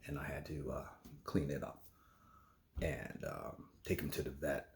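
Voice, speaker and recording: A middle-aged man, a nurse, talking in a casual vlog from his home kitchen, rambling and halting with many restarts. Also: a bass voice, animated, creaky, slight background noise.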